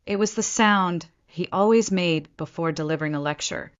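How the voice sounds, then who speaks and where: A woman narrating a first-person story in a measured storytelling way, on a dull lo-fi recording. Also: fairly low pitch.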